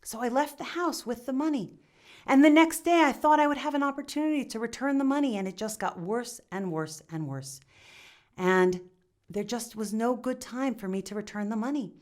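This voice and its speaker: A woman's voice: fairly high pitch, moderate pace, darkish tone, close to an everyday voice. A woman voicing a humble young village man who confesses his guilt earnestly and stumbles over his words. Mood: remorseful. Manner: confessional, stammering with restarts.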